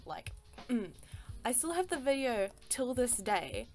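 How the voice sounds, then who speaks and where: A woman's voice: medium pitch, expressive, a little slow, faint music behind. A woman telling a personal story in a casual voice-over, emphatic and exasperated, swearing freely and filling her talk with "like" and "sis". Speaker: storytime artist.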